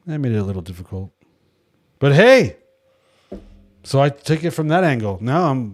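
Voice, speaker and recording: A man from California leads a casual devotional gathering in a mid-range voice. He tells stories with lively gestures in his voice, switching into the voices of people he quotes, and often drops in wry, joking asides. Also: mid-range voice. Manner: animated storyteller acting out quoted voices. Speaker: Bible study leader.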